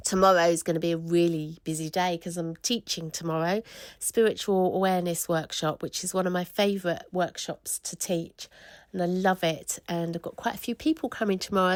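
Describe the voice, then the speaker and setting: A woman's voice: on the low side, dry recording. A middle-aged woman hosting a casual solo podcast, gushing and emotional, rambling with many restarts. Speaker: podcast host and spiritual coach.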